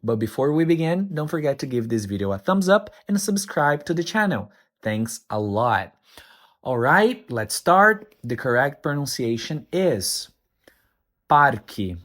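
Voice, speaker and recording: A man giving a scripted pronunciation tutorial, upbeat and repeating words slowly and carefully. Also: on the high side, big pitch swings, fairly bright tone. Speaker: pronunciation teacher.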